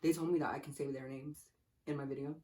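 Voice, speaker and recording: A woman's voice: very deep voice, quick pace, a little hiss or hum. A young woman vlogger telling a story casually while eating, swearing a lot and acting out what people said. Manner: profane, animated, acts out quotes.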